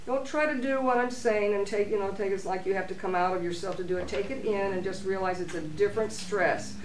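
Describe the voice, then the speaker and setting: A woman's voice: medium pitch, steady tone, fairly quick, a little hiss or hum. A woman voice teacher coaching a student through a phrase, encouraging and singing syllables to show the stress. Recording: echoey room, mic far off, piano.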